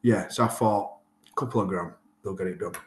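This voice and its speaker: This is a man in his thirties from England, a rugby player with a Yorkshire accent, telling his story in a casual interview. His deep voice moves fairly quickly, and he's animated, acting out what people said. The recording has a roomy echo and slight background noise.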